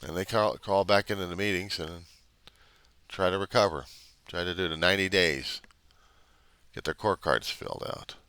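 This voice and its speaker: A man's voice: deep voice, moderate pace, long pauses, pushed and bright, clear, resonant tone, dry recording. Blunt, profane man in a confessional vlog. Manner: blunt, profane, rambling and self-questioning. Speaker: recovery video diarist. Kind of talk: unscripted confessional monologue.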